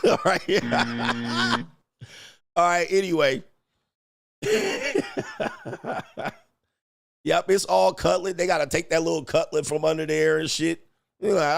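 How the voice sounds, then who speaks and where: A man's voice: fairly high pitch, very animated, slow pace, vocal fry, long pauses. A man hosting a show, telling crude comedic stories in heavy slang and acting out quotes. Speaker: podcast host. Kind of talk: crude comedic riffing to a live chat.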